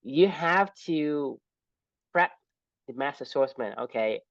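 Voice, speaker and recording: A man's voice: medium pitch, lively intonation, moderate pace, no room sound. A man co-hosting a podcast in a casual book discussion, reflective and laughing often. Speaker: podcast co-host. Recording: dull lo-fi dry sound.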